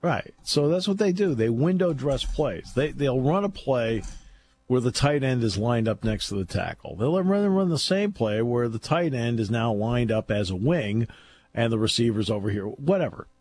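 A man's voice: medium pitch, expressive, normal speed, darkish tone, a little hiss or hum. A man talking football in casual chat, chatty and laughing often as he tells stories. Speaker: football analyst.

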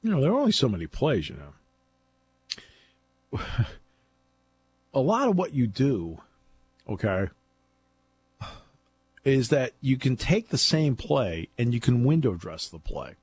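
A man's voice: medium pitch, big pitch swings, a little slow, pauses often, husky. A man talking football in casual chat, chatty and laughing often as he tells stories. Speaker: football analyst.

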